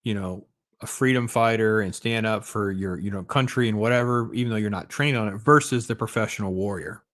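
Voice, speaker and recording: Low-voiced enthusiastic podcast host. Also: male voice, brisk, fairly bright tone. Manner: enthusiastic, tags remarks with "right?". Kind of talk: casual podcast chat.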